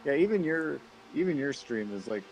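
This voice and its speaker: A man co-hosting a casual racing chat over a video call. He sounds laid-back, laughs easily and drops short agreeing replies at a mid-range pitch. Steady noise sits under his call audio. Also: normal speed. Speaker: podcast co-host.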